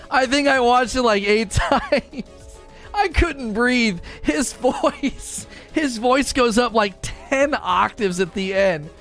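A man in his thirties live-streaming, chatting with his viewers in an excitable, teasing way and often breaking into laughter. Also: very high-pitched, takes it slowly, gravelly, soft background music.

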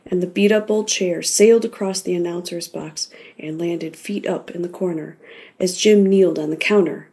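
Low-voiced woman reading an audiobook. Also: dark tone. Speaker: audiobook narrator. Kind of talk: scripted audiobook narration.

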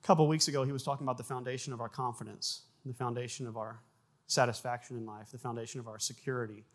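A man preaching a sermon, animated, with frequent repeated words and acted-out sound effects in his stories. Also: medium pitch, fast talker. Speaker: pastor.

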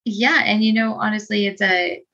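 Bright-voiced woman podcast host. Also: medium pitch, fairly even intonation, normal speed, creaky, highs cut off. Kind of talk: conversational interview.

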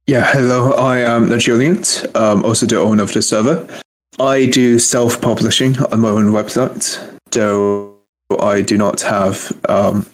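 A man's voice: fairly low pitch, steady tone, unhurried. A man who co-hosts and owns the server introduces himself in a hesitant, matter-of-fact way. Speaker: server owner, co-host. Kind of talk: casual self-introduction.

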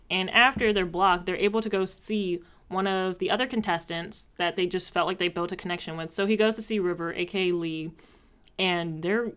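A woman chatting casually as a co-host, recapping episodes with quick, animated asides. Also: on the low side, clean tone.

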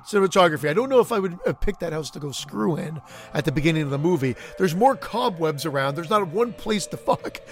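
A man's voice: fairly high pitch, animated, fast talker, few pauses, faint music behind. Wisecracking Canadian podcast man. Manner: dry wisecracks, laughs. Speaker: podcast co-host. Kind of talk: casual movie review chat.

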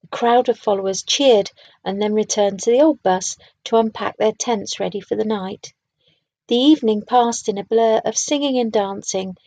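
A woman reading a children's storybook aloud in a gentle, unhurried way and talking to her listeners. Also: medium pitch, no echo, poor audio.

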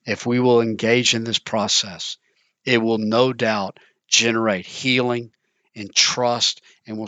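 A male preacher delivers a sermon with earnest storytelling. His voice is bright and forceful, and it is recorded close and dry with no room sound. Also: on the low side, no room sound. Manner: earnest, storytelling, repeats words.

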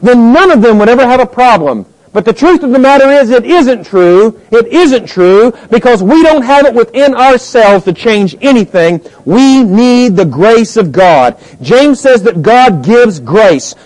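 A male pastor preaching a sermon, emphatic, moving between quiet stretches and loud rising points. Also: very high voice, lively intonation, measured pace, few pauses, low-quality recording.

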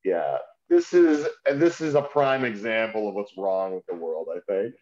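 A man's voice: fairly low pitch, expressive, normal speed, darkish tone. A man co-hosting a music podcast, talking casually with wry asides. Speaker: podcast co-host. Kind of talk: casual chat. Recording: slightly dull sound.

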